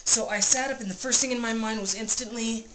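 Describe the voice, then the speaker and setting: A woman vlogger in a cabin room, telling a personal story in an animated, breathless way and repeating phrases for emphasis. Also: a little high, a little fast. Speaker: vlogger recounting an experience. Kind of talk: casual storytelling. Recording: roomy room with clear background noise.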